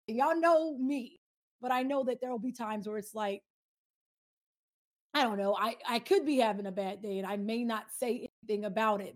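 A woman streamer answering a viewer question in casual, heartfelt chat, rambling and earnest with slangy talk. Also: a little high. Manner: rambling, earnest, slangy, quick swings to loud.

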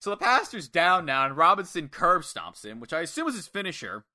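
Male podcast co-host, bright and sharp tone, animated casual recapper. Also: high-pitched, a little fast. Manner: animated recapping, swearing, acting out quotes. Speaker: podcast co-host reviewing wrestling matches. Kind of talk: casual chat.

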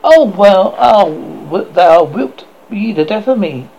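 Old witch woman, cackling and doting, put on by a male reader; gravelly, sharp, swooping pitch. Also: expressive, takes it slowly, heavily acted. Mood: gleeful. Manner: sharp high tone. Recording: dull lo-fi with faint noise.

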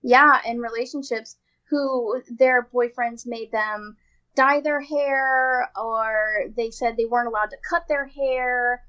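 A woman's voice: fairly high pitch, fairly even intonation, slow, sharp tone, highs cut off. A woman in casual conversation, making an earnest point with long lists of examples. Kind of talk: casual chat.

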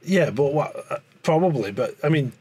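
A man's voice: on the high side, animated, moderate pace, crowd noise. A Scottish man co-hosting a podcast in casual chat, rambling and restarting his sentences. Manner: rambling, repeats words, frequent restarts. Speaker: podcast co-host.

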